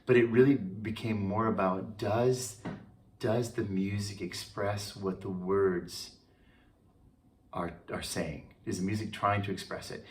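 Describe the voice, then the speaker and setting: A man's voice: on the low side, slight background noise. Chatty choral conductor, man. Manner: relaxed and chatty, with many fillers and restarts. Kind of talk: informal talk.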